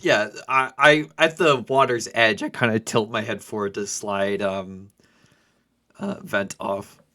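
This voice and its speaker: A man's voice: on the low side, steady tone, a little slow, sharp tone. A man playing a tabletop game, talking in a laid-back way and trailing off. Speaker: player. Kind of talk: casual tabletop game play.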